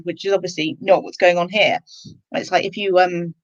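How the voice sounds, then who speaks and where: A woman co-hosting an interview over a video call, chatty and jokey, acting out quotes in a bright, sudden voice. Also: a little fast. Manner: chatty, jokey, acts out quotes with big pitch jumps. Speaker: co-host interviewer. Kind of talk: casual video-call chat. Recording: dull lo-fi video-call audio.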